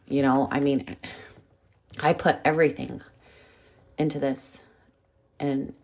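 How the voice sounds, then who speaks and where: Candid woman host getting over a cold. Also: sits low. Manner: candid, swears freely, animated storytelling. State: recovering from a cold, coughing. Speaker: podcast host. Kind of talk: casual monologue.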